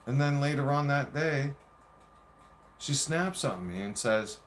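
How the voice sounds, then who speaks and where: A man's voice: mid-range voice, animated, a little slow, pauses often, a little hiss or hum. A man telling a heated, profanity-laced story about an ex, re-enacting their arguments as he goes. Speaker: vlogger. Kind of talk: casual storytelling rant.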